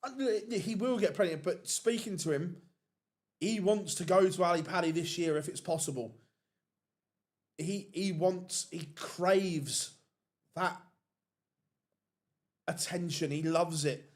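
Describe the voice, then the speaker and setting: A man's voice: high voice, slow pace, long pauses. A man giving casual live commentary on a darts tournament, chatting and answering viewer questions.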